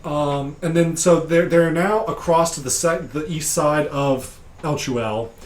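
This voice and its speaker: A deep-voiced man, serving as game master, casually recaps a tabletop game session at an unhurried pace. He digresses and laughs often, and the room is echoey.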